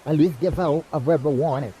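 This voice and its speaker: A man's voice: on the high side, fairly quick, warm tone, slight background noise, poor audio. A man delivering an impassioned, profane monologue, lecturing like a teacher and repeating "you know what I mean". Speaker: self-styled teacher vlogger.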